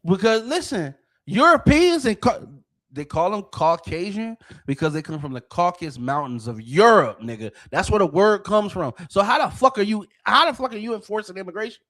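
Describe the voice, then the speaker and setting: Man, high-pitched voice, podcast host, heated profane rant, frequent restarts. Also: lively intonation, normal speed, fairly bright tone.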